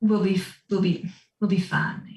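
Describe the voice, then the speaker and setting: A woman's voice: mid-range voice, little pitch movement, unhurried, a little mellow, distant mic. Chatty woman game master, roomy sound. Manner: chatty, lots of fillers. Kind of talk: narrating a tabletop game.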